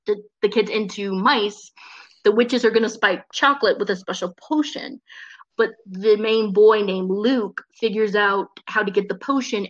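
A woman casually talking about a movie with a co-host, animated and quick to act out quoted lines in high voices. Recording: muffled lo-fi audio.

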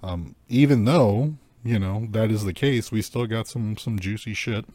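A young man runs a casual podcast chat, rambling through news with filler words and easy swearing. His voice sits low and the sound is dry and close, with no room around it. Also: unhurried, dark tone, dry recording. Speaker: podcast host.

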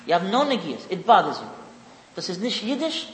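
A man's voice: high-pitched, big pitch swings, a little fast, big-room sound, slight background noise, rough recording. A man giving a religious lecture to an audience, emphatic and repetitive, mixing in Hebrew and Yiddish terms. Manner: emphatic, repeats key phrases, mixes in Hebrew and Yiddish terms.

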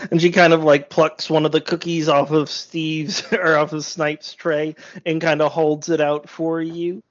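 A game master running a tabletop game, relaxed, often laughing and full of filler words. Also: medium pitch, measured pace, few pauses. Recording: slightly dull lo-fi audio.

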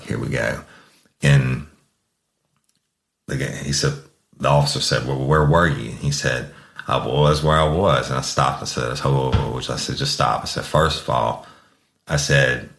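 Man, very deep voice, folksy and profane storyteller. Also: fairly bright tone, reverberant. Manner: profane, folksy, addresses listeners as y'all. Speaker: podcast host telling a case story. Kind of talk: casual true-crime storytelling.

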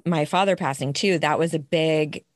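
A woman's voice: deep voice, normal speed, no echo, clean studio sound. A woman hosting a podcast, telling a personal story in an earnest, reflective way. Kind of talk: casual podcast chat.

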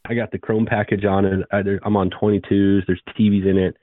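A man in his thirties, a podcast guest telling his life story earnestly and briskly. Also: lowish voice, flat delivery, no echo. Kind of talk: storytelling interview. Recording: dry phone-like audio.

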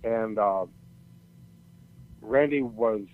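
A man's voice: on the low side, very slow. An older man telling a long, rambling story in casual chat, swearing freely and often restarting his sentences. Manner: rambling, profane, many restarts. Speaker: storyteller guest. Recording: tinny phone-like audio.

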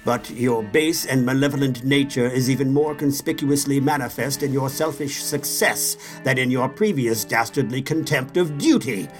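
A man's voice: medium pitch, moderate pace, hardly any pauses, lightly acted. An actor playing a blustering, angry old king and father, scolding his son in a pompous, sputtering voice over faint music. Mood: furious. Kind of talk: audio drama acting.

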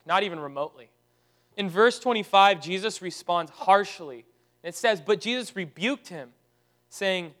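High-voiced animated male preacher. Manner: animated, conversational preaching with sudden loud outbursts. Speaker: pastor. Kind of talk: sermon.

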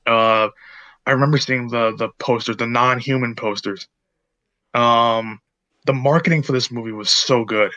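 A man's voice: medium pitch, steady tone, moderate pace, sharp tone, no room sound, lo-fi sound. A man in his late twenties co-hosting a podcast, chatting casually about a movie in a rambling way full of fillers and restarts. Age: late 20s. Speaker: podcast co-host. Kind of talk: casual movie-review chat.

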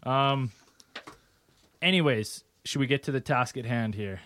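A man's voice: mid-range voice, a little slow, fairly bright tone, dry recording. Swearing, rambling male podcast host. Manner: rambling, swears a lot, laughs easily. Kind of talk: casual podcast chat.

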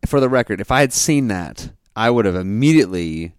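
Low-voiced man, playful chat. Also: animated, clear, resonant tone, dry recording, studio quality. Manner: playful, quick interjections. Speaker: podcast co-host. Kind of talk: casual chat.

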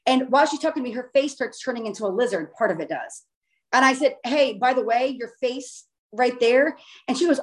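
A woman casually telling a long personal story in a chatty, animated way, with the odd swear word. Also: a little high, fast.

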